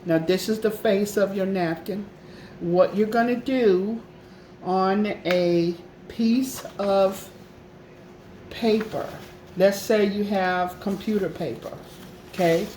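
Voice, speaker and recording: A woman's voice: mid-range voice, slow pace, a little mellow, roomy sound, a little hiss or hum. A woman hosting a casual craft tutorial, talking in a chatty, repetitive way and often checking in with "okay?". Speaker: craft channel host.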